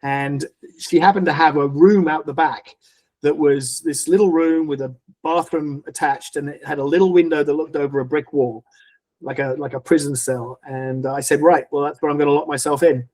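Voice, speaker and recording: Appearing as a guest on a podcast, a middle-aged man shares his personal faith testimony in a somewhat raised, darkish, steady voice. He talks earnestly but haltingly, frequently restarting sentences while he searches for the right words.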